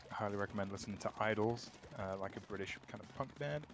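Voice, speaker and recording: A man's voice: on the low side, fast talker, background noise. A man chatting casually as a guest on a game stream, making dry, laid-back remarks. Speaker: guest player. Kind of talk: casual chat while gaming.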